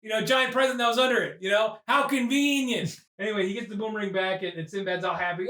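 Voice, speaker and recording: A man doing a loud, profane, excitable comedic movie recap as podcast host, often breaking into shouts. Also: high-pitched, quick pace, few pauses, echoey room.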